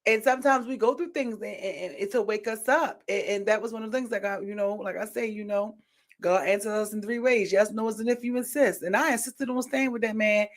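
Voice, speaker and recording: A woman hosting a podcast in casual chat, emphatic, repeating phrases for stress and swinging between loud and soft. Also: mid-range voice, fairly quick. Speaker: podcast host.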